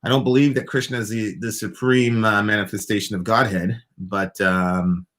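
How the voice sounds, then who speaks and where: Man, American, podcast co-host, casual chat, rambling, hesitant restarts, bright tone. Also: fairly low pitch, fairly even intonation, normal speed.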